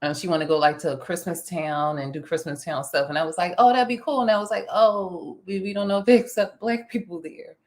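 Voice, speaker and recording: A woman hosting a casual chat, animated and talkative, laughing often. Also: on the low side, brisk, hardly any pauses. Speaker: vlog host.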